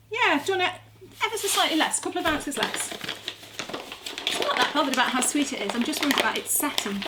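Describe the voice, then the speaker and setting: Working through a recipe in her home kitchen, this middle-aged gardening vlogger keeps up a chatty, self-mocking patter. She speaks in a high, slightly bright voice. There's noticeable background noise.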